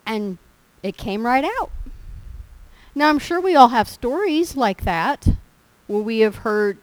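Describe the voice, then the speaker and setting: A woman's voice: on the high side, lively intonation, slow, no echo, poor audio. A woman preaching a sermon in a folksy, storytelling way. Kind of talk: sermon with personal stories.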